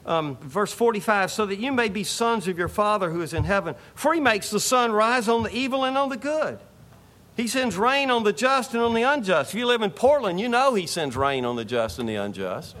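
A man's voice: fairly high pitch, a bit bright, a little hiss or hum. A man preaching a sermon to his congregation in a conversational way, asking rhetorical questions and repeating phrases for emphasis. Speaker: pastor. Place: church sanctuary.

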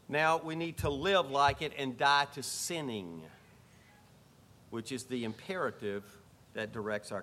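A man preaching a sermon as pastor, emphatic, rising to exclamations and dropping to quiet asides. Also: on the high side.

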